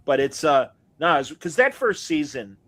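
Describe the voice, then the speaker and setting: Podcast co-host, man in his fifties, slightly higher voice, chatty nostalgic storyteller. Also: very animated, moderate pace, a bit bright. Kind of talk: casual chat.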